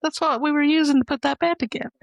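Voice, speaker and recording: A young woman joins casual podcast talk in a fairly high voice, laughing and setting her partner's stories straight. Her voice is recorded close and dry. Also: fast talker, creaky, no echo. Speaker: podcast co-host. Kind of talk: casual chat.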